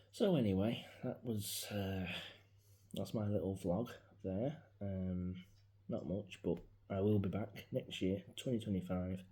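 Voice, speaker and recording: Grieving man, low and mellow. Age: 40s. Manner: rambling, reflective, grieving, drops into soft mutters. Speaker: vlogger. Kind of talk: casual personal vlog. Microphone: mobile phone.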